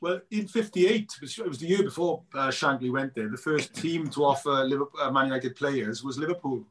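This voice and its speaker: A man's voice: medium pitch, brisk, slight background noise. A man, a documentary filmmaker, chatting as a guest on an interview podcast, telling stories with enthusiasm and many fillers. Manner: enthusiastic storyteller, many "you know" fillers. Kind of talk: casual interview chat.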